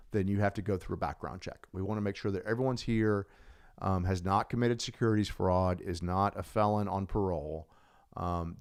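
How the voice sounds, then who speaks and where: A man presenting a live online course, talking casually and enthusiastically with many fillers and restarts. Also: deep voice.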